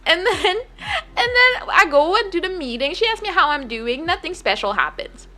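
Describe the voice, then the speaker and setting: A young woman streamer talks in a high voice that swoops up and down. She tells a story in casual, chatty fashion, looping back with fillers and restarts. Her tone is bright and sharp. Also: big pitch swings, normal speed.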